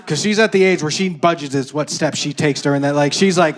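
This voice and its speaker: A male stand-up comedian on stage with a higher-than-usual voice. He tells his stories in an animated way, jumping into voices and shouted lines. It's a live comedy set performed to a room. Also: normal speed. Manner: animated storytelling with shouted bits and voiced characters. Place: comedy stage before a laughing audience.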